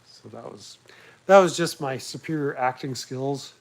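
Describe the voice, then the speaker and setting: Slow-talking guy rambling on his home livestream, swears a lot, jokes at himself. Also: mid-range voice, gravelly, low-quality recording. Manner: rambling, crude, self-mocking. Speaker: host of a live talk stream. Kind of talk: casual chat.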